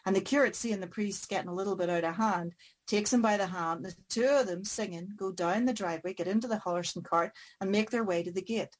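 A woman's voice: medium pitch, brisk, low-quality recording. Woman telling a folk tale. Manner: dramatic, varied pacing. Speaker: storyteller.

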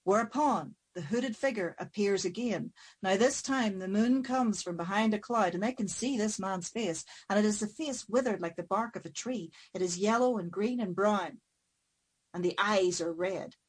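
A woman telling a folk tale dramatically, slowing and speeding for effect. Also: medium pitch, slightly rough, rough recording. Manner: dramatic, varied pacing. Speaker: storyteller.

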